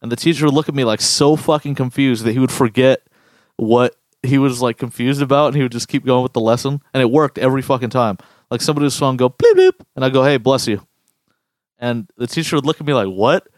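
A man's voice: medium pitch, fast talker, no echo. A young man co-hosts a casual podcast and swears his way through school stories. His voice sits in an ordinary middle register and sounds close and dry. He breaks into goofy impressions when he quotes anyone. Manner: profane, animated storyteller doing goofy quoted voices. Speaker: podcast co-host.

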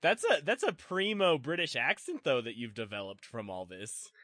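An easygoing man chatting on a podcast, relaxed and ready to laugh. His voice is mid-pitched and recorded close and dry. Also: dry recording. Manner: easygoing, quick to laugh, casual swearing. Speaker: podcast co-host. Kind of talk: casual chat.

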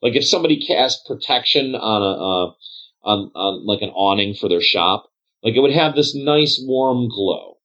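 A man narrating as game master in a tabletop role-play game, rambling and pausing to search for words. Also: medium pitch, animated, a bit bright. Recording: dull lo-fi sound.

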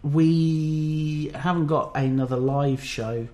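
A man co-hosting a podcast in casual, rambling chat, self-deprecating and quick to laugh. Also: on the high side, darkish tone. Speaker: podcast co-host.

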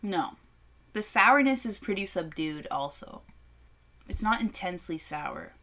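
A woman's voice: on the low side, measured pace, creaky. A young adult woman chatting casually as a beer-review co-host, telling stories and swearing freely. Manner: lively, profane storyteller. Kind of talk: casual chat.

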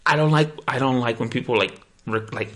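A man's voice: mid-range voice, fairly quick, fairly bright tone. A man in casual podcast chat who rambles, swears and keeps saying "dude". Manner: rambling, profane, says "dude" a lot.

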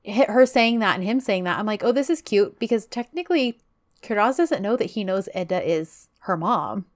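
A woman's voice: mid-range voice, normal speed. A woman chatting casually as a podcast co-host, recapping a TV episode and acting out the characters' lines with laughter. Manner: animated, laughing, acting out quotes.

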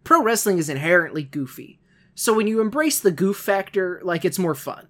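A man's voice: sits high, animated, moderate pace, a bit bright. A man co-hosting a casual podcast, rambling in a self-deprecating, nitpicky way. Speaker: podcast co-host.

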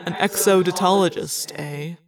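A reader voicing a bitter, sneering male alien war prince with a gruff, sardonic manner. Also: medium pitch, little pitch movement, unhurried, over music, natural voice.

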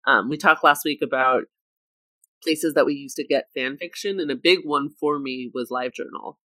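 A woman's voice: low-pitched, moderate pace, fairly bright tone, no room sound. A woman co-hosting a casual comedy podcast who reads silly excerpts aloud and keeps trying not to laugh. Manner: giggly, tries not to laugh while reading. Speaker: podcast co-host.

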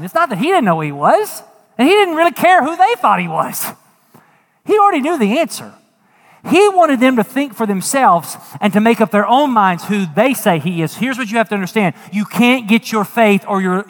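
A man preaching a sermon as a pastor, folksy and animated, acting out quotes and dropping jokes. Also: high voice, long reverb tail.

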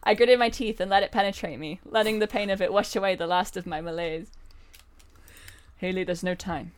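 A woman's voice: medium pitch, brisk. A woman reading a novel aloud as a comedy bit, often breaking into laughter. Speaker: reader.

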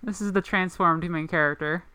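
A woman's voice: lowish voice, steady tone, fairly quick, bright, forceful tone, smooth, dry recording. A woman co-hosting a podcast in casual chat, rambling with lots of "like" fillers. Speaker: podcast co-host.

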